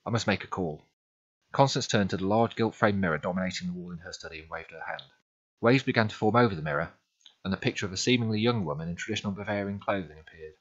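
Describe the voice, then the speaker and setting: A man's voice: low-pitched, fast, dull audio. A man narrating a fantasy audiobook story in a dramatic storytelling manner.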